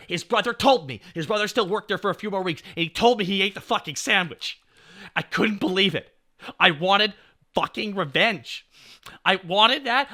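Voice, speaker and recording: A man streamer casually telling a long, profane story to his viewers, swinging between low muttering and shouting. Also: very animated, normal speed. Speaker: VTuber streamer.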